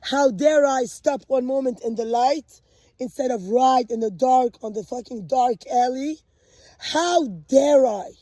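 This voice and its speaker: High-voiced woman on an agitated rant. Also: dry recording. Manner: agitated and profane, lurching between shouting and low muttering. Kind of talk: ranting monologue.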